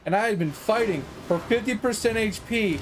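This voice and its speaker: A man's voice: sits high, normal speed, background noise. A young man giving casual gameplay commentary as a streamer, frustrated and swearing while he talks to his chat. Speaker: gaming streamer.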